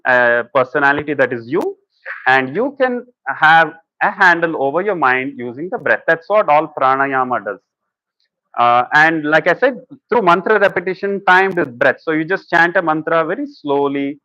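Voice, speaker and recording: A man's voice: a little high, pushed and bright, dry recording. Man giving a spiritual talk, dry dull sound. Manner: conversational, storytelling with acted quotes. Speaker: speaker at a talk. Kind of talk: spiritual lecture.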